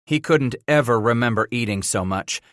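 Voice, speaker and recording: A man narrating a western audiobook in a measured storytelling manner. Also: medium pitch, a bit bright, no room sound, clean studio sound. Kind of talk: scripted narration of a western novel.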